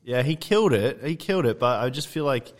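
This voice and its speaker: A man's voice: mid-range voice, expressive, fairly quick. A man, chatting casually as a podcast co-host in a laid-back way with short agreeing replies. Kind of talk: casual chat.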